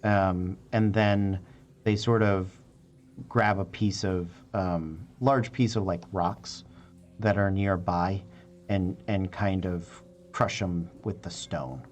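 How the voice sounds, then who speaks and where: A man narrating as game master in a tabletop game, halting with frequent fillers and restarts. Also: sits low, darkish tone, a little hiss or hum.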